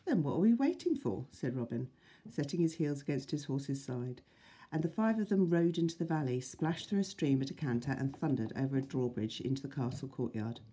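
A woman teacher, reading a children's book aloud to her class in a friendly, expressive way. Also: a bass voice, fairly quick, slightly rough.

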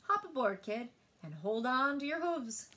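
An easygoing male bird, offhand and unhurried, played by a woman reading aloud. He talks in a laid-back, friendly drawl with some lively swing in the pitch. A picture-book sidekick. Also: full character voice. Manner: relaxed, offhand. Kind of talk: storybook reading.

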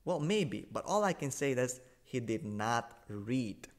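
A very animated man speaks slowly, a religious commentator rebutting a video in a sarcastic, emphatic, argumentative monologue. He hammers his points home by repeating them, with big swings in pitch and loudness.

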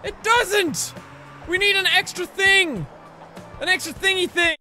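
A young man yelling and joking through loud, manic let's-play commentary. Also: very high-pitched, unhurried, soft background music. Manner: loud, manic, shouting and yelping. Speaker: gaming YouTuber.

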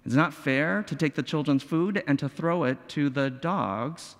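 A male pastor preaching a sermon, expressive and full of rhetorical questions and dramatic pauses. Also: a little high. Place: church sanctuary. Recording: long hall reverb.

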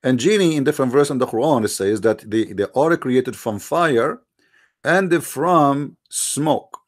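A man's voice: mid-range voice, a little slow. A man hosting a live-streamed religious debate, speaking with a mocking, argumentative tone, firing rhetorical questions at his viewers in non-native English grammar.

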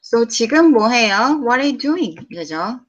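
A woman with a Korean accent teaching a casual language lesson, mixing English and Korean and modeling slow, clear pronunciation. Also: on the high side, sing-song, highs cut off.

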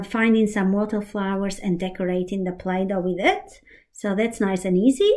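Young woman, teacher, mellow tone, fairly high voice, slow gentle instructions for little kids. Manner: slow, gentle step-by-step explaining. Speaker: early childhood teacher. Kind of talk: remote lesson instructions for young children.

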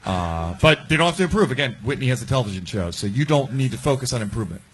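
A man on a live comedy panel with an ordinary mid-pitched voice. He delivers blunt, provocative roasts with dry confidence. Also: sing-song, quick pace.

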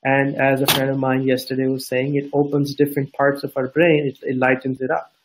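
A man's voice: mid-range voice, completely flat delivery, brisk, rough recording. Earnest Pakistani man giving advice. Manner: earnest, repetitive, direct. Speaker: co-host. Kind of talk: casual advice talk.

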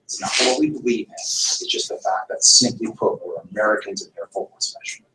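A man's voice: on the low side, brisk, bright, forceful tone. A man teaching a history class, lecturing emphatically and firing rhetorical questions at the students. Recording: echoey room, from far off.

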